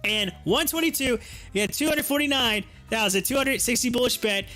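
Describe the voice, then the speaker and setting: A man talks into a desk mic on his live stream, rattling off trade after trade like a playful hype man. His voice sits very high and rings bright and forceful. A soft bed of music runs underneath. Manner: rapid-fire reading of numbers, playful hype. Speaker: live stream stock market host. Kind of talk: casual live stream commentary. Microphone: desk microphone.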